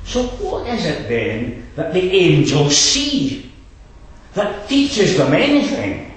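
A man delivers a sermon in an unhurried, lively voice that rises and falls. He stresses his points and drops short asides to the listeners. His voice rings with heavy echo in a church hall. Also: fairly high pitch. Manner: emphatic, with rhetorical asides. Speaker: preacher.

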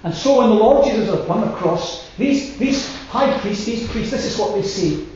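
A man preaching a sermon earnestly, building emphatic lists and dropping quiet on key lines. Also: high voice, animated, moderate pace. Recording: echoey room with faint noise, dull sound.

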